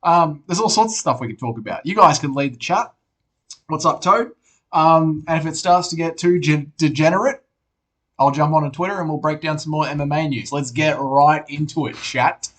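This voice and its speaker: A man's voice: on the high side, moderate pace, fairly bright tone. A young Australian man hosting a casual live stream, reading viewers' messages aloud, swearing often and calling everyone mate. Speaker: streamer host reading chat.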